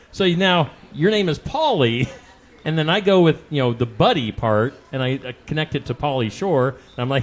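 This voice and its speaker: A middle-aged man hosting a music showcase interview, laid-back and quick to laugh. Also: fairly high pitch, lively intonation. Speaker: show host. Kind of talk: casual interview.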